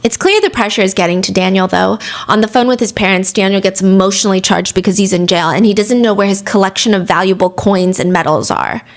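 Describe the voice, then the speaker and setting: A woman's voice: mid-range voice, fast, few pauses. Chatty, dramatic woman podcast host. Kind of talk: casual true crime storytelling.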